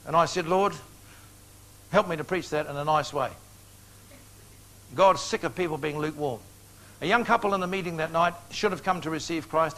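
Older man, evangelist preaching to a crowd; storytelling, earnest altar-call push, voice sits a bit high. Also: pushed and bright, low-quality recording.

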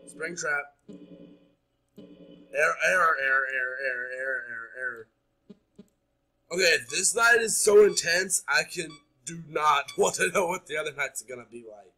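A man's voice: a little high, animated, measured pace, pauses often, pushed and bright, soft background music, rough recording. A man playing a horror game, chattering nonstop and jumpy as he talks his audience through it. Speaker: gaming YouTuber. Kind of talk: horror game let's play commentary.

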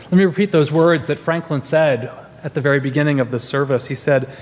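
Preaching a sermon in a church sanctuary, a man in his forties has a fairly high, steady, slightly mellow voice and a brisk pace. He tells stories conversationally with many restarts, and the recording has slight background noise and long large-hall reverb.

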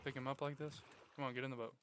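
Young man pleading and yelling at his game. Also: medium pitch, rapid-fire, noisy background. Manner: pleading and coaxing, bursts of excited yelling. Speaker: gaming YouTuber. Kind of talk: casual gameplay commentary.

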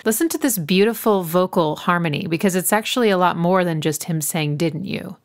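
A woman's voice: lowish voice, a little fast, music in the background. A woman giving an enthusiastic, casual breakdown of a song, now and then singing short snippets and playing with words. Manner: enthusiastic, playful wordplay, sings snippets. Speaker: music analyst.

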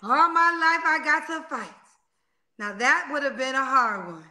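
Bright, high-voiced woman hosting a livestream. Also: measured pace, soft background music. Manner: loud, blunt and animated storytelling. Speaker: livestream host. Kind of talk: casual live-stream chat.

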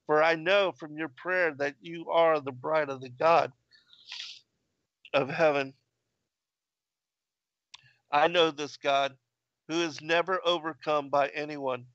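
A man reading the lines of a gentle, reassuring young man in a plain, measured way. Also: fairly high pitch, steady tone, no room sound, muffled recording.

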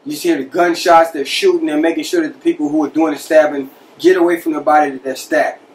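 A man tells a story from his own past in a loose, conversational way. He slips into the voices of the people he quotes. His voice sits a bit high for a man and sounds set back from the microphone. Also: fast talker, recorded from a distance, poor audio. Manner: conversational, animated retelling with quoted dialogue. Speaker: podcast host telling a personal prison story. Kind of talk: casual storytelling.

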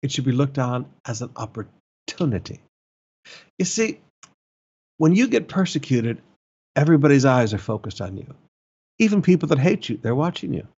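A male pastor preaching a sermon, emphatic, with repeated phrases and sudden rises in pitch. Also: very animated, moderate pace, long pauses, a little mellow, breathy edge, lo-fi sound.

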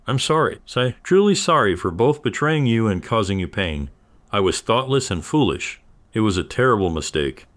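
A soft, apologetic young woman pleading through tears with the man she wronged, her voice sitting low and dark for a woman, as a male narrator puts her on. She speaks gently and contritely, begging to be forgiven. It comes across as part of a read-aloud story. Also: very animated, normal speed, no echo.

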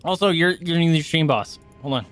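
A man with a slightly high voice talks fairly quickly over soft background music as he livestreams gameplay. He keeps up a chatty running commentary, thanking viewers by name, and yelps and swears when enemies show up.

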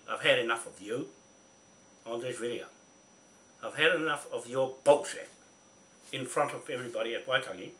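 A man's voice: mid-range voice, sharp tone, slight background noise. A man delivering an angry, confrontational rant straight to camera, scolding and repeating himself. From New Zealand. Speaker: vlogger.

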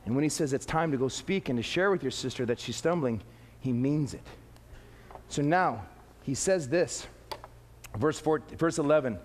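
A man preaching a playful, lively sermon to a church, swinging between loud exclaims and quiet asides. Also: fairly high pitch, normal speed, a little hiss or hum. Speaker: pastor. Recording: echoey hall.

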